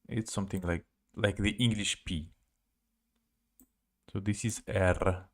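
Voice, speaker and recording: Slow, gravelly man with a Russian accent. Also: low-pitched, fairly even intonation. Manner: halting, searches for words, spells out letters. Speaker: language teacher. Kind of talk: live-streamed language lesson.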